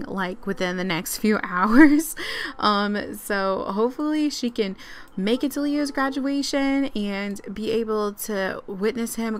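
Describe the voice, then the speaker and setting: A young woman giving chatty, excitable let's-play commentary with frequent giggles. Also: medium pitch. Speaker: gaming channel host.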